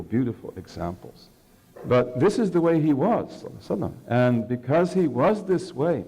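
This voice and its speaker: Older man, religious lecturer, mellow tone, animated storyteller, asks questions of the audience. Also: mid-range voice, a little fast, slightly rough, low-quality recording. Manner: storytelling, animated, acts out quoted speech. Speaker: imam giving a lecture.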